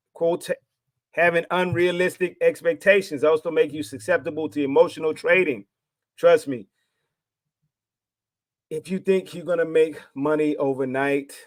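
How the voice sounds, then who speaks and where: A man's voice: a little high, dry recording. A man with a Texas accent hosting a trading channel, giving a casual, preachy motivational talk to camera, often repeating himself and using slang. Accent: Texan. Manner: repetitive, preachy, informal slang.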